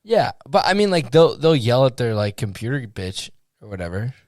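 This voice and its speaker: A man's voice: medium pitch, sing-song, normal speed, a little mellow, no echo, clean studio sound. A young man co-hosting a podcast in casual chat, blunt and crude, cracking jokes and swearing heavily. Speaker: podcast co-host.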